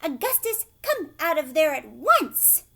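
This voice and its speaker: A woman's voice: sits high, big pitch swings, normal speed, a bit bright, voice pushed up. A woman voicing a frantic, screaming mother in a children's story read-aloud. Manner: screaming, panicky. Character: shrill frantic mother, umbrella-waving.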